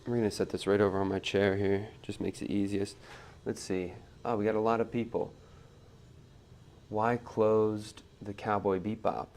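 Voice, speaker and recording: A man giving a relaxed live pottery demonstration at the wheel, talking through each step on a wireless mic in his studio. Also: fairly low pitch, fairly quick, few pauses. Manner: relaxed, talks while working at the wheel, reads chat aloud. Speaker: pottery teacher streaming a demo. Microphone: wireless transmitter mic.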